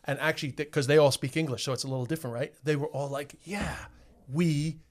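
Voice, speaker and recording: A man, a comedian guest telling a story in casual chat, animated, swearing freely and often restarting his sentences. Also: fairly high pitch, fast.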